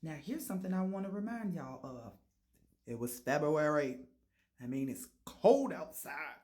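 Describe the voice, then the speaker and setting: A woman's voice: sits low, lively intonation, normal speed. Brash woman storyteller, profane and theatrical, roomy echo. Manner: brash, profane and dramatic, with sudden loud outbursts. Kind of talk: casual storytime monologue.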